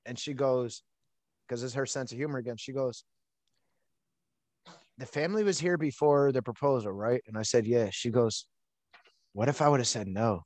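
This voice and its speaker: A man's voice: medium pitch, normal speed, pauses often, darkish tone, no echo. A man hosting a podcast, telling a personal story in an outgoing, chatty way with plenty of fillers. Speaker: podcast host. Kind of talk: casual storytelling chat.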